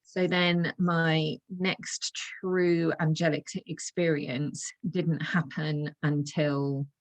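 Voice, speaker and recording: A woman speaks as a podcast guest in a low voice with a gravelly fry at the edges. She talks earnestly and from the heart, with easy laughter running through her words. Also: flat delivery, drawn-out words. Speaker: guest, intuitive coach. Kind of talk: casual interview conversation.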